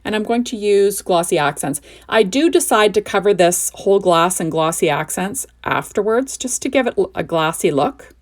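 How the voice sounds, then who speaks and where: A woman's voice: mid-range voice, animated, moderate pace, hardly any pauses. A woman hosting a crafting tutorial, explaining each step in a chatty, enthusiastic way and often asking "right?". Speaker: crafting video host. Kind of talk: card-making tutorial narration.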